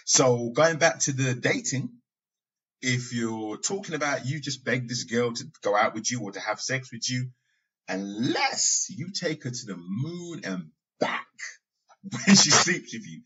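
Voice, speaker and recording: A man's voice: medium pitch, fairly bright tone, slightly rough. A man hosting a podcast, talking in a casual, conversational monologue with asides and occasional laughs. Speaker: podcast host. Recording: dull lo-fi sound.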